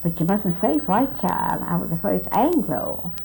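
Gravelly older woman telling old stories. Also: mid-range voice, animated, unhurried, dark tone, poor audio. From South Texas, USA. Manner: rambling storyteller, quoting others, many restarts. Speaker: oral history interviewee. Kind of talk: recorded reminiscence.

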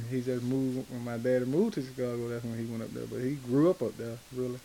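A man from Atlanta with a Southern accent, telling stories in an interview in a halting, rambling way full of fillers. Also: medium pitch, level tone, warm tone, slight background noise, poor audio. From Atlanta, Georgia. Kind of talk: casual storytelling in an interview.

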